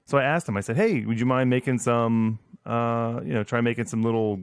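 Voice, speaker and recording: A man's voice: mid-range voice, fairly even intonation, brisk, clean tone, no echo, clean studio sound. A man co-hosting a casual podcast, rambling with many fillers and restarts. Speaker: podcast co-host. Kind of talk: casual chat.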